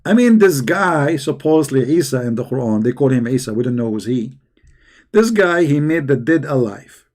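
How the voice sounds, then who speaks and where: Animated mocking male host. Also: mid-range voice, normal speed. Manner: mocking, animated, drops into asides. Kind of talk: casual livestream commentary.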